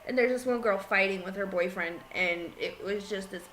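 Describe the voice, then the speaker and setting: A woman's voice: mid-range voice, moderate pace, a bit bright, slight background noise, rough recording. A woman chatting in a bubbly, giggly way, telling funny stories. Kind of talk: casual comedic chat.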